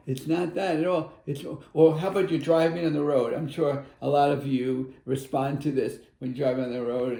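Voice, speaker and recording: A man's voice: medium pitch, fairly even intonation, moderate pace, vocal fry, hardly any pauses, mellow, reverberant. A middle-aged man giving a tarot card reading as a spiritual advisor, speaking earnestly and wandering between thoughts. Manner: earnest and meandering, with acted-out inner voices.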